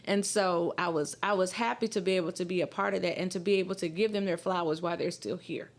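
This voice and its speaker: A woman from Mississippi, a magazine publisher, talking casually as a podcast guest and telling stories with lively acted-out exchanges, on a studio mic. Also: fairly low pitch, quick pace. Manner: animated storyteller, acts out quoted exchanges. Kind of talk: casual interview talk.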